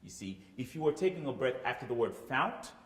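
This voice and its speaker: A man's voice: medium pitch, sing-song, a little fast. A man teaching choir rehearsal, explaining step by step and checking in with "okay?". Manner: explanatory, says "okay?" often, sings phrases to demonstrate. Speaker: choir director. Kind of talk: instructional talk with sung examples. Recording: echoey room with long reverb.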